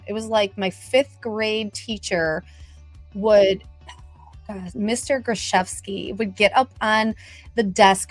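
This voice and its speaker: A woman's voice: mid-range voice, no room sound. A middle-aged woman hosting a casual livestream, chatty and bubbly, greeting viewers by name. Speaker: livestream host.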